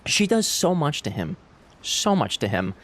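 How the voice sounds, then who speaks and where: A man's voice: fairly high pitch, big pitch swings, measured pace, a bit bright. A young man streaming a game live, chatting casually and animatedly with his chat and friends, swearing freely.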